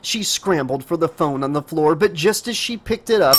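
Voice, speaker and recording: A man narrating a horror audiobook dramatically, raising his pitch for a frightened girl's lines. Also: normal speed, hardly any pauses, heavy background noise. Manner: emotive reading, voices the girl in a higher pitch.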